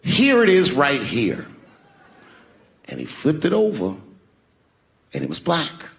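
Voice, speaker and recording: A man telling a profane stand-up story, swinging between loud outbursts and hushed mumbles. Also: a little high. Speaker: stand-up comedian.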